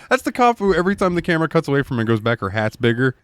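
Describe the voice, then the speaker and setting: A man co-hosting a podcast, telling stories in a casual, profane, animated way. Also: a little high, racing, smooth, no echo, clean studio sound. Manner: animated, profane storytelling with laughs. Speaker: podcast co-host. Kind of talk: casual chat.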